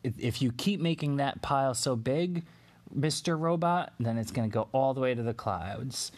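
A man's voice: mid-range voice, normal speed, close to an everyday voice. A man voicing an eager little girl inventor.

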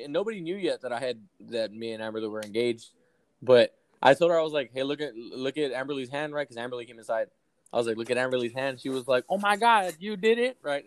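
A man's voice: medium pitch, no room sound. Young man, casual storytelling, rambling, profane, dry close sound. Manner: rambling, profane, many fillers. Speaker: podcast co-host telling a story. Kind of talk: casual storytelling among friends.

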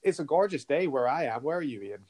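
A man's voice: fairly high pitch, expressive, fast talker, a little mellow. A middle-aged man co-hosting a podcast, earnest and hesitant with many fillers. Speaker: podcast co-host. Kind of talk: casual chat.

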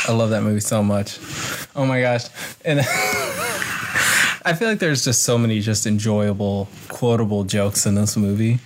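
A young man co-hosting a casual film podcast, excitedly quoting scenes and bursting into loud laughter. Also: on the low side, normal speed, pauses often, slight background noise. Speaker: podcast co-host. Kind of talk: casual chat about films.

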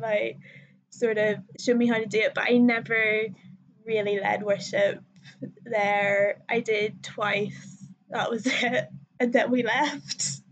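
A woman's voice: a little high, gravelly. A young woman telling her story as a podcast guest, chatty and full of ums and likes, laughing often. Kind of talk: casual conversational storytelling. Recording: slightly muffled lo-fi sound.

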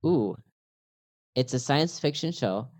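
A man's voice: medium pitch, expressive, slow pace, a little mellow. A man with an American accent, an interview guest in casual conversation, upbeat and repeating phrases to help a learner follow. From United States.

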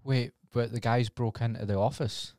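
A man's voice: medium pitch, fairly even intonation, moderate pace, darkish tone, no room sound, studio quality. A man as a guest on a casual podcast, talking in a laid-back, blunt way and swearing freely.

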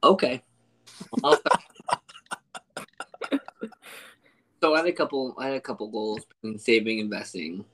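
A man's voice: medium pitch, lively intonation, measured pace, pauses often, fairly bright tone, a little hiss or hum, poor audio. A man hosting a casual podcast, bantering and joking with friends. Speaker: podcast host.

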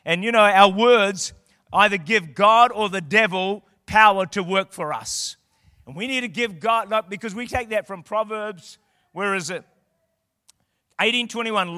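A man preaches with fervor, his high voice sharp and intense. He drives his points home and rises to loud declarations. His voice rings with a long reverb through the hall. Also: measured pace, clean studio sound. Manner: impassioned, rising to shouted declarations. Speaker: guest preacher. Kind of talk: sermon. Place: church auditorium.

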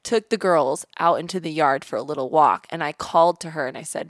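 A woman guest on a podcast, telling a personal story in an animated way and acting out the voices of the people in it. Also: sits low, moderate pace, few pauses, dry recording, clean studio sound. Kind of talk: casual storytelling interview.

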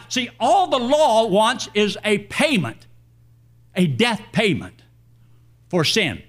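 An older man preaching a sermon, telling a personal story in a folksy, animated way. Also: sits high, slow, long pauses.

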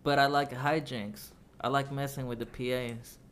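A man co-hosting a podcast in casual chat, telling stories with animated energy, often laughing and swearing. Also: mid-range voice, moderate pace, slight background noise. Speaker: podcast co-host.

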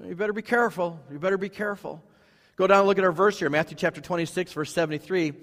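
A male pastor preaching to his church, emphatic, repeating phrases, with sudden rises in pitch and volume. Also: rapid-fire, fairly bright tone. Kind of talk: sermon. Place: church sanctuary. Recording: long hall reverb.

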